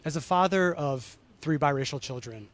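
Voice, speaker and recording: A male news reporter asking pointed interview questions in a brisk manner. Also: on the high side.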